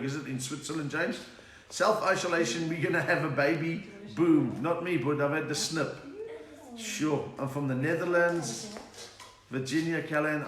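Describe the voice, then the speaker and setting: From a room at home, a middle-aged man hosts a casual live stream, joking and greeting viewers by name as he reads their messages aloud. His voice is a bit bright and on the high side. Roomy echo and faint noise mark the recording.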